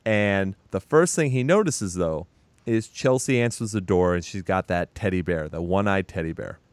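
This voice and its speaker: Brief: male podcast co-host, low smooth voice, dry close sound, swears freely while recapping a movie. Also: normal speed, dry recording. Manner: profane, animated retelling with acted quotes. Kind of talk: casual movie recap chat.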